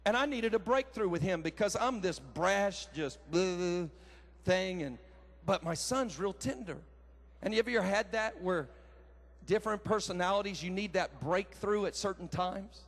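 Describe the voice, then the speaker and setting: A man, preaching a sermon with folksy personal stories, animated and breaking into shouts. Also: high-pitched, normal speed. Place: large conference hall.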